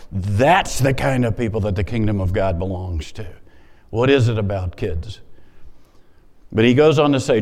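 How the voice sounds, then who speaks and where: Male pastor, mid-pitched voice, casual and animated sermon delivery, long hall reverb. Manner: conversational, animated, pauses to explain Scripture.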